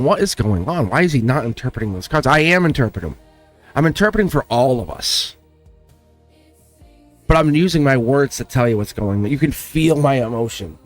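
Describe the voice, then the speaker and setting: A man hosting a spiritual tarot talk, speaking in an animated way with lots of repetition and frequent laughs. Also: on the high side, no room sound. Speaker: tarot reader and channel host.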